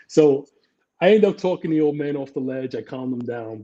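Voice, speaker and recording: Profane retired cop from the Bronx. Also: male voice, fairly high pitch, fast, dark tone, dull audio. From the Bronx, New York. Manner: rambling, profane, self-deprecating anecdotes. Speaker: retired police detective, guest. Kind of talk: casual storytelling interview.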